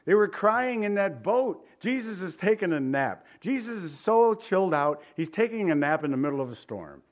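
A middle-aged man preaching a sermon, animated, jumping to high pleading voices for prayers and dropping low and soft for asides. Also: moderate pace.

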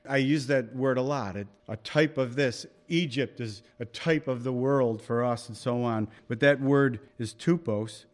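A middle-aged man preaching a conversational, emphatic sermon, acting out quotes with shifts in voice. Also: mid-range voice. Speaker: pastor. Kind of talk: expository sermon.

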